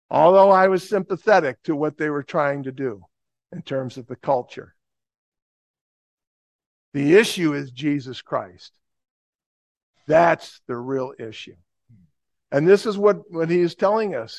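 Gravelly New preacher. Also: male voice, a little high, no echo. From New Jersey, USA. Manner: lively, humorous, emphatic. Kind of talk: sermon with storytelling.

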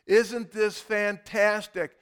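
A man voicing the world personified as a smug, seductive tempter, slow and wheedling. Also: sits high, level tone, fairly bright tone, clear, resonant tone, voice pushed up. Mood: wheedling boastful.

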